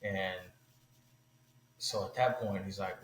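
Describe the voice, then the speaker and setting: Animated man telling a story in a roomy studio. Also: lowish voice, moderate pace, slight background noise. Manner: animated storyteller, lots of "like" and "you know". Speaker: podcast guest. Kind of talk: casual hunting story.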